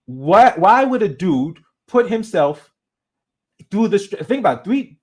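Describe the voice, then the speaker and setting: A man talking through a topic as a casual commentator, his voice sitting a little higher than most men's. He speaks in a loose, conversational way, doubling back and restarting his phrases as he thinks aloud. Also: unhurried, husky. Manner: conversational, animated retelling with frequent restarts. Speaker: channel host.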